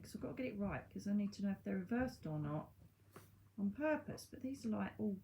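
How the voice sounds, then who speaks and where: A woman's voice: mid-range voice, expressive, fast talker, warm tone. Chatty lady doing a card reading to camera, reassuring, bit of hiss behind. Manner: chatty, reassuring, laughs at herself. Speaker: psychic medium reading cards.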